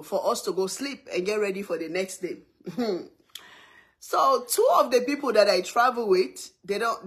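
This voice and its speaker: A woman telling a story casually, animated and laughing often as she acts out others shouting. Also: mid-range voice, slightly rough. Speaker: cooking vlogger.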